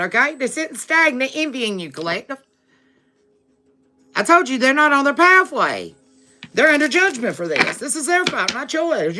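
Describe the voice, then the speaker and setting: A woman's voice: high-pitched, pushed and bright. A woman doing a live-stream tarot reading for her viewers, chatty and familiar, calling them "baby" and "boo", tagging lines with "okay?" and laughing often between remarks. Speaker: tarot reader. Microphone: livestream setup.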